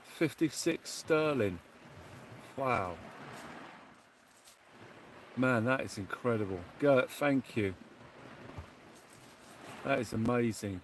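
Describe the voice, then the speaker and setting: A man hosting a casual fishing livestream outdoors at night, excitedly thanking viewers. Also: mid-range voice, slow, pauses often, slight background noise. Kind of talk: casual live chat.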